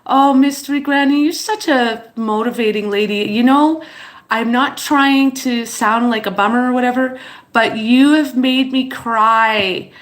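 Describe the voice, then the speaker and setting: A teary woman, chatting slowly and haltingly on her livestream, with many fillers and apologies. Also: on the high side. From Montreal, Canada. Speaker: channel host on a livestream. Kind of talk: casual livestream chat, reading viewer comments.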